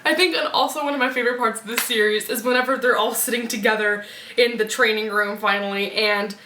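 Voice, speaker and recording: A young woman giving a casual book review vlog, gushing and excitable like a fangirl. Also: a little high, quick pace, reverberant, a little hiss or hum. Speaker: book vlogger.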